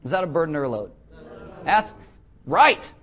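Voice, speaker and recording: A man's voice: fairly high pitch, very animated, moderate pace, vocal fry, a bit bright. Blunt, joking male pastor preaching. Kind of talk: sermon. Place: church, before a congregation.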